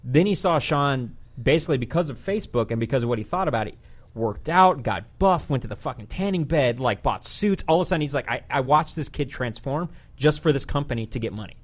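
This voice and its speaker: A man's voice: medium pitch, a little fast. Male podcast host, mid-range voice, swearing storyteller who acts out quotes. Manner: animated, profane retelling with voiced quotes.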